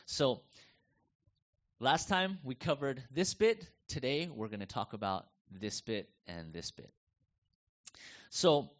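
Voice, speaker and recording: A middle-aged man with a North American accent, preaching a conversational sermon and telling stories with animation. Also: on the low side. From United States. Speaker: pastor. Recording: dull lo-fi sound.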